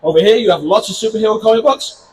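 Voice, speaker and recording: An English man in his fifties with a notably high voice for a man, presenting at a convention panel. He chats with the audience and makes self-deprecating jokes. The room has faint ambient noise behind him. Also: fast talker. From England. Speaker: comic book creator presenting a convention panel.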